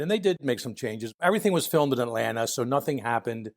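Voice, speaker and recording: A man's voice: mid-range voice, expressive, fast, dry recording, clean studio sound. A man in his sixties from Philadelphia, with a Philadelphia accent, telling stories in a casual interview, chuckling and acting out other people's lines. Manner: chatty, acts out voices in anecdotes, chuckles while talking. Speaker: guest, retired FBI agent.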